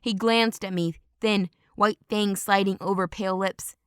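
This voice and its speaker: A woman narrating a first-person audiobook in a steady, dramatic storytelling manner. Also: mid-range voice, moderate pace, smooth, no echo, clean studio sound.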